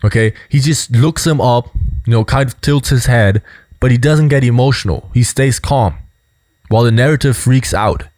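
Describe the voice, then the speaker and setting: A man hosting a casual video commentary, explaining in a relaxed way with lots of fillers. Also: medium pitch, moderate pace, no echo, studio quality. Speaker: host.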